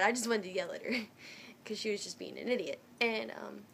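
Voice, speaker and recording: Speaking briskly in a mid-range voice with vocal fry and a breathy edge, a young woman shares a personal story with her viewers. She's casual and lively, often restarting and filling pauses.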